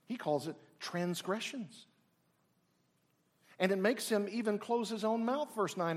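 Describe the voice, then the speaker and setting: A middle-aged man preaching a sermon, swinging from loud exclamations down to near whispers. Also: sits high, lively intonation, unhurried. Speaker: pastor.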